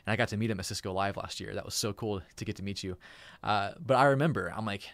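Male streamer host, low-ish voice, dry close sound; loose, eager, laughs a lot. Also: fast, vocal fry, no echo. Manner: excitable and chatty, laughs often. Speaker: YouTube live streamer and host. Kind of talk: casual live-stream chat.

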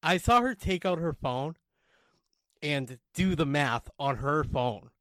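A man's voice: a little high, takes it slowly, dry recording. Man telling a story on a podcast. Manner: animated storyteller, acts out quoted people, swears casually. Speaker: podcast co-host. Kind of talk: casual storytelling chat.

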